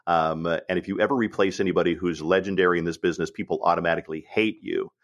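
A man who hosts a radio show, chatting in a relaxed way and trading stories with his guest. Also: low voice, fast talker. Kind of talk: casual interview chat.

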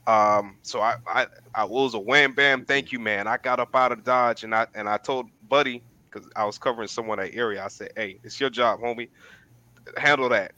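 A man co-hosting a podcast, telling stories in a casual, animated way with lots of slang. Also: mid-range voice, a little fast, few pauses, dry recording, poor audio. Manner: animated storytelling with slang, says "man" often. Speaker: podcast co-host. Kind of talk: casual chat.

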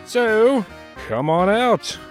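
A man's voice: sits high, expressive, drawn-out words, faint music behind. A man co-hosting a trivia podcast in casual chat, easygoing and restarting words as he thinks. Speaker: podcast co-host.

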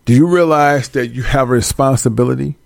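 A man's voice: mid-range voice, fairly quick, gravelly, dry recording. Blunt, scolding male street preacher. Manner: emphatic, repeats words for stress. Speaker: religious teacher. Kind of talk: street-style preaching with scripture reading.

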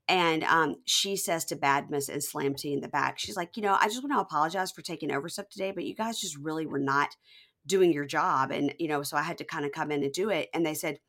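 A woman in her forties co-hosts a casual chat in a low, slightly bright voice. She recaps a reality show and acts out quotes in exaggerated voices.

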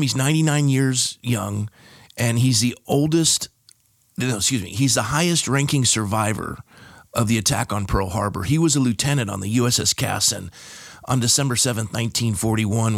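A middle-aged pastor from California tells an interviewer a personal story on a podcast, delivering it with emphasis and lifting his voice at the key moments. His medium-pitched voice carries vocal fry, and the studio sound is clean with no room sound.

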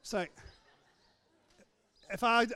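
A man's voice: slow pace, pushed and bright, no room sound. A man preaching a humorous sermon, repeating phrases for emphasis and acting out little scenes in different voices.

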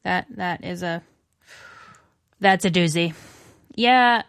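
A woman's voice: fairly low pitch, slow pace, fairly bright tone. A woman co-hosting a podcast in casual chat, enthusiastic and chatty, often exclaiming in delight. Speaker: podcast co-host.

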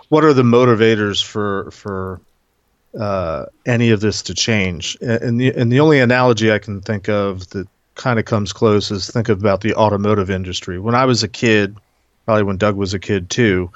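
A man in a casual panel discussion, talking earnestly and haltingly with many restarts. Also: on the low side, no room sound, lo-fi sound. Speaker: panel guest.

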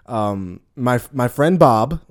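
A man's voice: mid-range voice, lively intonation, takes it slowly. Rambling man hosting a casual podcast. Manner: rambling, filler-heavy. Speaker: podcast host. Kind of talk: casual chat.

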